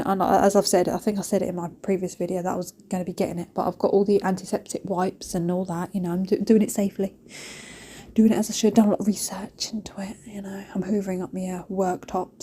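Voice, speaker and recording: A woman's voice: mid-range voice, dark tone. A British woman chatting through a cleaning vlog, rambling and self-mocking with playful asides. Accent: British English. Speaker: cleaning vlogger. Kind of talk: chatty voice-over while cleaning. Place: home kitchen.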